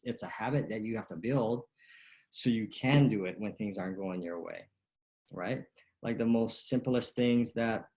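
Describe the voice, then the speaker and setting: Man, lower voice, golf coach giving a relaxed motivational talk, loose and conversational. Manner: casual, lots of fillers and "right?" tags.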